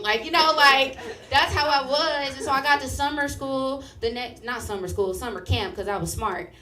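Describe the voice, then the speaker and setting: A young woman performing a stand-up set, telling a story with animated, profane delivery and acted-out voices. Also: sits high, brisk, roomy sound, far from the mic, crowd noise. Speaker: stand-up comedian. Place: comedy club stage with live audience.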